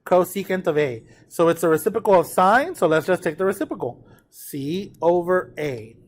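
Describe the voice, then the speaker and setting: Lively intonation marks this high-pitched math teacher's trigonometry lecture, delivered at moderate speed. Students are regularly checked on and asked to repeat terms back for pronunciation practice.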